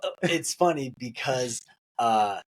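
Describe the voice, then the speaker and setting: Man, podcast co-host, husky, casual chat, lively quoted voices. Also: medium pitch, slow. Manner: excited, laughing retelling with lively quoted voices.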